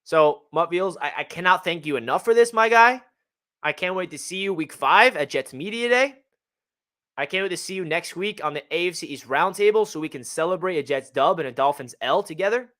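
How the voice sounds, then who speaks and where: A man hosts a casual sports fan livestream in an excitable, pumped-up manner. His voice sits high and rings bright and forceful. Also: a little fast. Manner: hyped, excitable fan talk.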